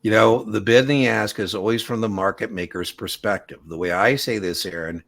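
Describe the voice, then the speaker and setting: A man's voice: lowish voice, brisk, vocal fry, a bit bright. A man teaching an exam prep class in a casual, explanatory way, walking students through examples and analogies. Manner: casual explanatory, uses analogies and acted quotes.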